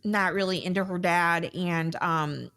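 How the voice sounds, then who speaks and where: A woman's voice: lowish voice, fairly even intonation, measured pace, a bit bright. A woman hosting a casual podcast, recapping a movie in a chatty way with lots of fillers. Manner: chatty, lots of "like", acts out characters in quotes. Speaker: podcast host.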